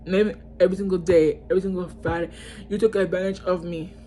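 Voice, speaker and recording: A woman's voice: on the low side, fairly even intonation, racing, warm tone, soft background music. A young woman vlogger telling a storytime, ranting heatedly with lots of cursing and repetition. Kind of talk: storytime rant.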